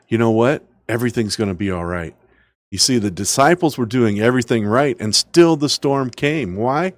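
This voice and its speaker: A man's voice: lowish voice, no echo. A man preaching as a podcast host, emphatic, repeating lines and asking the listener rhetorical questions. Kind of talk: preaching sermon.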